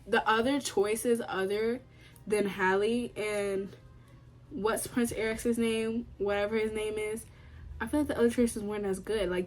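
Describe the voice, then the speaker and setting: A young woman from the United States chatting casually to camera about what she has been watching, emphatic and given to repeating herself. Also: mid-range voice. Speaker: vlogger.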